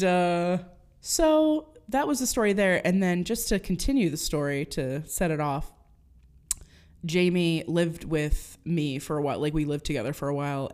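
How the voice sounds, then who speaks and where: A woman's voice: low-pitched, a little mellow. A young woman co-hosting a podcast in casual chat, retelling stories and acting out quotes in silly voices. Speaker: podcast co-host.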